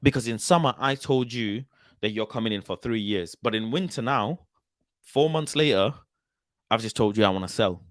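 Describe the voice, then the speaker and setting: Animated man firing rhetorical questions. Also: on the low side, moderate pace, no room sound, clean studio sound. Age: 20s. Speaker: football channel host. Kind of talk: casual video commentary.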